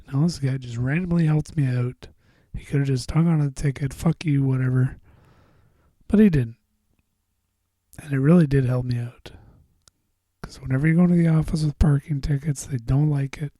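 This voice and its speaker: A man rambles through a casual solo podcast, swearing freely and drifting into mumbles. His voice is deeply dark and mellow, and the sound is close and dry with no room around it. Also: normal speed, no room sound. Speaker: podcast host.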